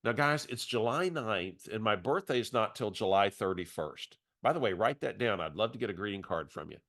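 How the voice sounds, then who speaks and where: A man's voice: fairly low pitch, animated, a little fast, fairly bright tone. Conversational middle-aged male coach. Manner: conversational, repeats words as he restarts. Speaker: real estate coach. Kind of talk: webinar coaching talk with anecdote.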